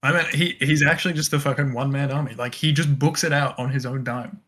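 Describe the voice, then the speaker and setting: A man on a casual panel discussion who adds dry, wry asides to the talk. His voice has a mid-range male pitch. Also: fairly even intonation, fast talker, fairly bright tone. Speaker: guest on a community stream.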